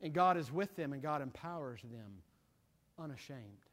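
A man preaching a sermon with passion, repeating words for emphasis and swinging from loud declarations to hushed single words. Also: medium pitch, animated, normal speed, a little hiss or hum. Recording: long reverb of a large hall.

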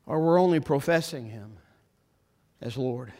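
A man preaching a sermon as pastor, impassioned, repeating phrases and building to forceful emphasis. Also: on the high side, unhurried.

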